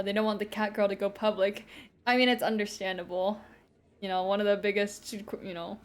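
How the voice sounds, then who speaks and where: A woman's voice: mid-range voice, steady tone, brisk. A young woman casually commenting on a game while playing, chatty and joking. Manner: chatty, joking, laughs often. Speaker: streamer.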